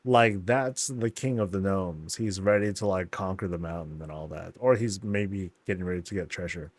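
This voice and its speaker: A man's voice: low voice, moderate pace, dry recording. Laid-back amused man touring a game. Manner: laid-back, amused, laughs often and voices characters in silly asides. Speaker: streamer touring player housing in a game. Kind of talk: casual game commentary.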